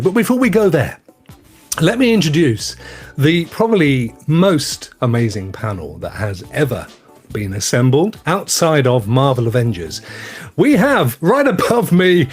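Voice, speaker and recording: A man's voice: medium pitch, sing-song, a little slow, husky, soft background music. A man hosting a live show, joking and teasing as he introduces his panel. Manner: jokey, teasing introductions with lots of laughs. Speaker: podcast host. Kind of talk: casual live show banter.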